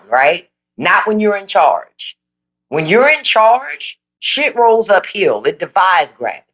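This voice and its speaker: An animated host on a phone livestream, talking straight to viewers with blunt, profane opinions. The pitch swings widely, and the audio sounds a bit dull and lo-fi. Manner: animated, emphatic. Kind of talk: casual live chat reading viewer comments.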